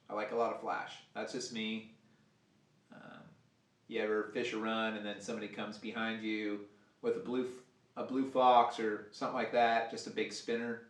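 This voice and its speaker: A man's voice: mid-range voice, a bit bright. Laid-back guy tying flies on a stream, cursing and rambling, sounds kinda far from the mic in an echoey room. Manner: rambling, profane, joking asides. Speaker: fly tying instructor. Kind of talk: casual live fly-tying demo. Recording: roomy sound, mic at a distance.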